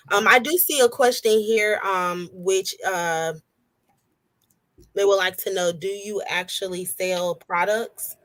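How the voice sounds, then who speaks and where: A woman host keeps a live interview going in a casual way. She backs her guest with steady "mm-hmm"s and encouraging remarks. Her pitch sits in an ordinary middle range. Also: no room sound, poor audio. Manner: encouraging, affirming with frequent "mm-hmm". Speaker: podcast host.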